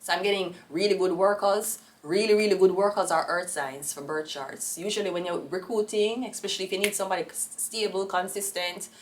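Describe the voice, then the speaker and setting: A woman's voice: mid-range voice, fairly even intonation, fairly quick, few pauses, distant mic, a little hiss or hum. A Jamaican woman giving a casual tarot reading, rambling and blunt, with profane outbursts. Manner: rambling, blunt and profane, with sudden loud rants. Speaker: tarot reader.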